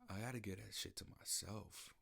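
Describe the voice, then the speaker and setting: Deep, gravelly-voiced man reflecting aloud. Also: fairly even intonation, normal speed, a bit bright. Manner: emotional, searching, repeats himself. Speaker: podcast host. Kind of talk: personal reflective monologue. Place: recording studio.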